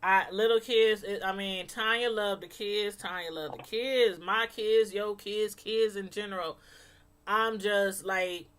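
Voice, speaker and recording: A woman hosting a casual call-in show, talking in an animated, emphatic way and often repeating herself. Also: mid-range voice, measured pace. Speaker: host.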